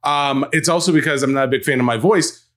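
A man in his thirties co-hosting a casual chat show, full of playful jokes. His voice sits at a middling pitch. He tends to mumble a little, mouth half closed. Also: quick pace, fairly bright tone. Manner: joking, playful banter. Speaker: podcast co-host.

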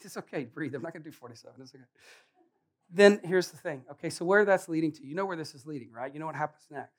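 A man preaching a sermon in a casual, animated way, joking and acting out Bible characters. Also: a little high, fast talker.

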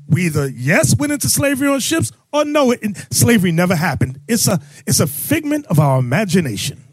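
A man preaching and teaching scripture to a crowd, loud and emphatic, calling out his listeners. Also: high voice, big pitch swings, brisk, few pauses, husky, no echo. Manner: loud, emphatic, calls out the audience. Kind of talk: street-style scripture teaching.

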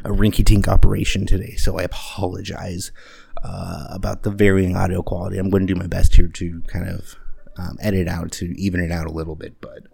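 A man's voice: flat delivery, fairly quick, gravelly, mellow, slightly rough. A man hosting a podcast, talking casually and rambling with many fillers, recorded at home on a handheld microphone with uneven audio. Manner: rambling, frequent fillers and restarts; talks in a high cooing baby voice to his dog. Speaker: podcast host. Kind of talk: casual monologue. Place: at home with his dog.

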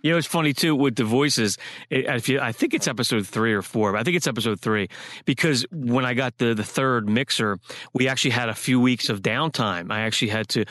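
A man's voice: medium pitch, fairly quick, a bit bright, no echo, clean studio sound. A man co-hosting a podcast, joking and poking fun at himself in casual chat. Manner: joking, self-mocking. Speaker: podcast co-host.

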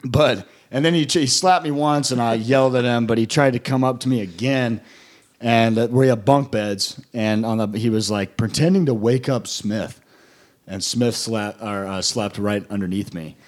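A man's voice: medium pitch, normal speed. Laughing young man spinning boot camp stories. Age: young adult. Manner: laughing, rambling with fillers. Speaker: guest recounting boot camp. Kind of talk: casual storytelling chat.

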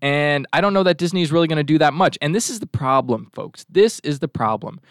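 A man's voice: on the high side, lively intonation, fairly quick, no echo, studio quality. A male talk show host giving a rambling, sarcastic commentary monologue and throwing asides to his crew. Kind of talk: casual political commentary monologue.

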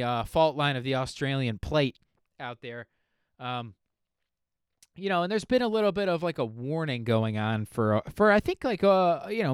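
A man's voice: medium pitch, smooth, no echo, studio quality. Rambling, profane male podcaster. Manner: rambling, profane, filler-heavy. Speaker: podcast host. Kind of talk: casual solo podcast monologue.

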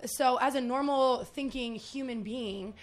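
Podcast guest: a woman, higher-pitched, swears a lot while telling a story. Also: measured pace. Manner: swears freely, storytelling with laughs. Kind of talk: casual chat.

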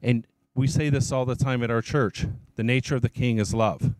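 A man's voice: mid-range voice, steady tone, normal speed, a little mellow, no room sound. A man, a church elder, preaching his testimony as an emphatic storyteller who repeats his key phrases.

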